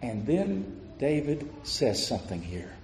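A man preaching a sermon in a church, pleading and passionate, then dropping to a hushed, intimate tone. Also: mid-range voice, big pitch swings, a little slow, a little hiss or hum. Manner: impassioned, swings from loud pleading to hushed near-murmur. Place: church sanctuary. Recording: echoey hall with long reverb.

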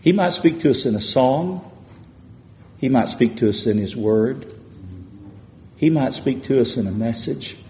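A man's voice: mid-range voice, lively intonation, unhurried, long pauses, darkish tone, a little hiss or hum. A man preaching a sermon in a church with an emphatic, repetitive cadence. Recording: echoey hall with long reverb.

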